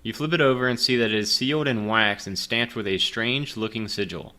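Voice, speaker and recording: Game master, male, low-ish bright voice, casual and rambling, self-deprecating, drinking a bit. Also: a little fast. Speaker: game master playing a solo gamebook. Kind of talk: casual chat and reading game narration.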